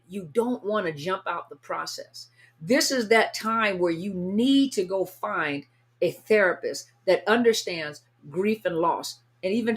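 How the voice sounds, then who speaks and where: A woman coaching people through abuse and grief in an unscripted teaching talk, earnest and repetitive, often acting out what listeners feel. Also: mid-range voice. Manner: earnest, repetitive, acts out inner voices. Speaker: coach on narcissist abuse recovery.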